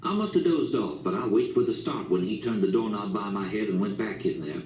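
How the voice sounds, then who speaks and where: A man's voice: lowish voice, animated, a little fast, darkish tone. A man reading an audiobook, telling the story plainly. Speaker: audiobook narrator. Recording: echoey room, distant mic, faint hiss.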